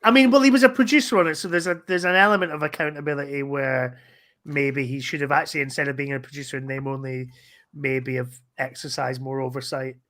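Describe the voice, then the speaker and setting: A man's voice: medium pitch, steady tone, quick pace, a bit bright. A man co-hosting a podcast, chatting casually, with a wry, sweary and exasperated manner. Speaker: podcast host. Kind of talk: casual comedic chat.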